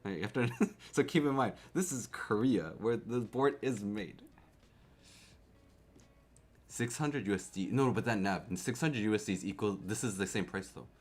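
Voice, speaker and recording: This keyboard streamer is a young Canadian man with a fairly low voice, hosting a relaxed live stream and addressing viewers directly. Excitable, he laughs often and repeats himself, talking at a moderate pace over soft background music.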